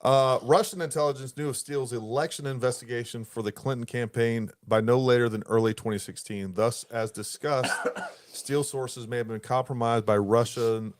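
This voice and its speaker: A man's voice: mid-range voice, dry recording. Man reading a report aloud, dry sound. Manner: reads in long stretches, breaks off to explain in plain words. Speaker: podcast host.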